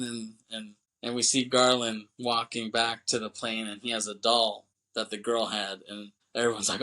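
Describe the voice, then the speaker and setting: Animated man retelling a movie. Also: mid-range voice, moderate pace, few pauses, rough recording. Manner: animated retelling, acting out lines, profane. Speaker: podcast co-host. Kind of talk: casual movie recap.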